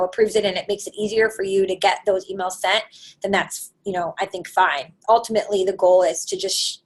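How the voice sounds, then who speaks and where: A woman's voice: mid-range voice, low-quality recording. A woman hosts a live webinar and works through audience questions. She talks casually and loosely, with plenty of "um"s and "you know"s. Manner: conversational, frequent fillers. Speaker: webinar host.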